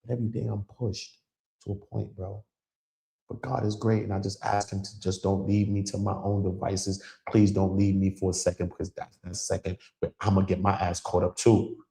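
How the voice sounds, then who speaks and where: A man's voice: deep voice, little pitch movement, moderate pace, gravelly, warm tone. A man hosting his own channel, talking casually but preachily to his viewers, often calling them bro and man. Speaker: channel host. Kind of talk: casual livestream talk.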